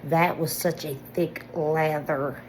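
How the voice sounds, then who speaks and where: Excited woman in her forties. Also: sits low, slow, a little hiss or hum, poor audio. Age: 40s. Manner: excitable, chatty, talks straight to viewers with lots of "y'all" and "listen". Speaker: vlogger reviewing products. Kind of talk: casual product review vlog.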